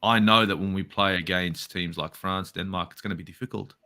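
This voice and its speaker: A man's voice: sits low, steady tone, fairly quick, bright, forceful tone. An Australian man, a football fan guest in a casual interview, ranting heatedly and swearing a lot.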